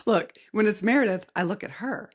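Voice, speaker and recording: A woman hosting a casual solo podcast with a light Southern accent, chatty and rambling, often laughing and dropping into soft asides. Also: mid-range voice, fairly quick, breathy edge. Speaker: podcast host. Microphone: camera mic facing the speaker.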